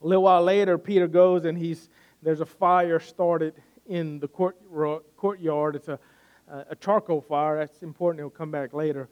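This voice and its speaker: Conversational male preacher, fairly high voice. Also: fairly even intonation, normal speed, clean tone, lo-fi sound. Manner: conversational, repeats words when restarting. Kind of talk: sermon storytelling.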